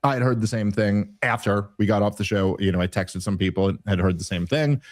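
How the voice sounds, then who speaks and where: A man's voice: lowish voice, a little fast, no echo, clean studio sound. A man hosting a podcast, giving rambling, exasperated political commentary full of fillers and restarts. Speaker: podcast host.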